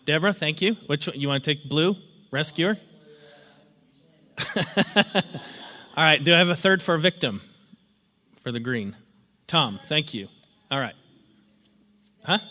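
Brief: relaxed man teaching a workshop, bright tone, reverberant meeting room. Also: medium pitch. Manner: conversational, frequent "you know". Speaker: workshop instructor. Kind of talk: casual classroom lecture.

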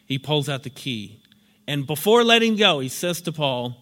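A man's voice: a little high, lively intonation, moderate pace, a bit bright. A man giving a lecture in a storytelling, explanatory manner. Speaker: teacher. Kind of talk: spoken lecture with acted examples. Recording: long hall reverb.

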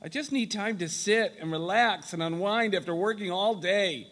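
A man's voice: high-pitched, moderate pace, fairly bright tone, in a large hall. Man reading as a grumbling tired husband. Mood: complaining. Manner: complaining, blaming. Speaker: workshop volunteer reader. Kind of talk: reading a scripted dialogue aloud. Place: sunlit meeting room.

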